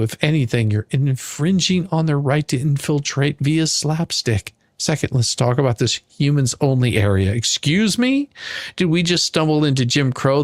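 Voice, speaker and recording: A man tears into an absurd lawsuit with theatrical, mock-outraged sarcasm. His voice sits at an ordinary middle pitch and comes across dry and close to the mic. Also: no room sound. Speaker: commentary channel host. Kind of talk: comedic mock-legal rant.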